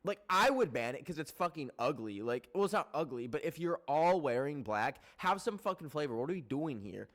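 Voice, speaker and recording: A man from Canada, a streamer chatting casually to his viewers, rambling and swearing often, with excitable bursts. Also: on the high side, fairly quick, few pauses. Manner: rambling, profane, excitable, with laughs.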